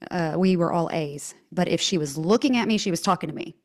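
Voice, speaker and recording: A woman with a Southern twang hosts a chatty interview, her voice sitting a little low for a woman. She gushes warmly and effusively about everything. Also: brisk. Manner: bubbly, effusive, gushing. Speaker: podcast host. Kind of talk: casual interview chat.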